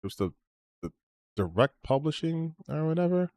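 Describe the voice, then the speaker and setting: In studio-quality audio with no echo, a male streamer ends his broadcast with a rambling, self-promoting chat, swearing freely. His pitch is fairly high and sing-song, his tone darkish, his pace normal.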